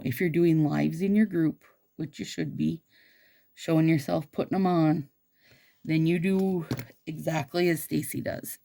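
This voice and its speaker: Talking straight to "you guys," this bubbly nail vlogger chats casually about her nails in a low-pitched, darkish voice with vocal fry.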